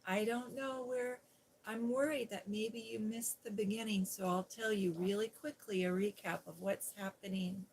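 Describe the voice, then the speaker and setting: A woman hosting a soft-spoken ASMR livestream, chatting gently with viewers and recapping a children's story in a sweet, cooing tone. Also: mid-range voice, fairly even intonation, normal speed, a little hiss or hum, poor audio. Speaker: ASMR host reading aloud.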